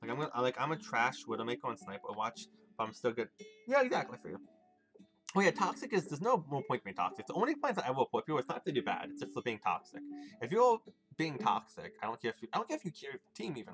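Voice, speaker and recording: A man's voice: mid-range voice, fairly bright tone. A man streaming a video game, chatting casually with viewers in a rambling, swearing way. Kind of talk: casual gaming stream chat. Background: game music.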